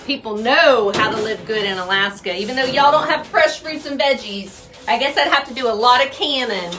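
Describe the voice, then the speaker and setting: Standing by the chicken coop with a rooster and hens audible nearby, this woman vlogs about homestead life while working outdoors and laughing a lot. She speaks at a normal speed in a fairly high, expressive voice.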